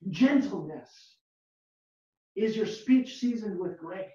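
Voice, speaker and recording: A pastor preaching a sermon slowly and emphatically, repeating key words and asking the listeners rhetorical questions. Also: mid-range voice, animated, mellow. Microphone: video call, far from the mic. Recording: very echoey, distant, dull lo-fi video call audio.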